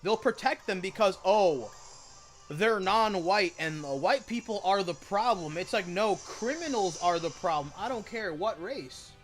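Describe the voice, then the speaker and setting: A man's voice: high voice, expressive, a little slow, soft background music. A man streaming while gaming, ranting in a heated, swearing way, full of "like" and "it's like" fillers. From United States. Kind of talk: casual rant while gaming.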